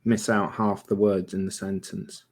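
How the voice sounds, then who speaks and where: A man's voice: low-pitched, level tone, measured pace, a little mellow, breathy edge. A man from Lincolnshire with a mixed Lincolnshire and Yorkshire accent, chatting casually on a livestream and reading out viewer comments. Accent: English, Lincolnshire with some Yorkshire. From Lincolnshire, England. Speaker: livestream co-host.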